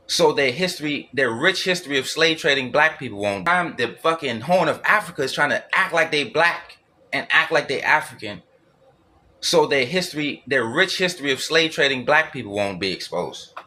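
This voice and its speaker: A man's voice: a little high, bright, forceful tone. A man giving a blunt, profane solo monologue, repeating and circling back over his points.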